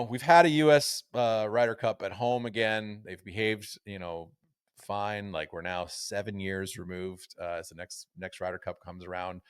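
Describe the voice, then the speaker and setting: A man's voice: fairly low pitch, smooth, dry recording, clean studio sound. A man co-hosting a casual golf podcast, reading newspaper quotes aloud in a storytelling way. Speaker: podcast co-host.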